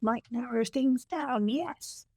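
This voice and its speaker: A woman playing a tabletop roleplaying game, speaking in a measured, thoughtful way. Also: fairly high pitch, creaky, warm tone, no room sound. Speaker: player.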